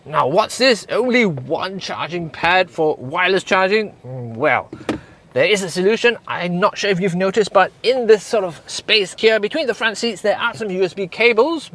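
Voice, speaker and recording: Mock-posh British car presenter, put on by a man, playfully pompous, bouncy lively pitch, fairly high voice. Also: slight background noise, heavily acted. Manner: playfully pompous, dry innuendo jokes. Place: inside a small car.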